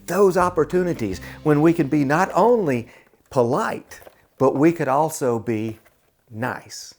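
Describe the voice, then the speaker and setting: A man telling a personal story to camera, slowly and earnestly, with many pauses and repeated words, then closing as channel host. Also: a little high, expressive.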